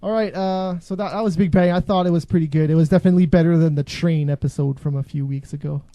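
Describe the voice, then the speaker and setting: A man's voice: on the high side, fairly even intonation, quick pace, no echo, highs cut off. A man co-hosting a casual talk show, blunt and opinionated. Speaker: co-host. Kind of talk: casual chat.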